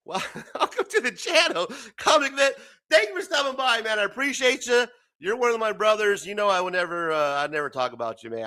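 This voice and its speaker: Male host, high bright voice, swings up and down a lot, profane heated rant. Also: animated, fairly quick. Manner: profane, heated, laughs often. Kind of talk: ranting live-stream talk.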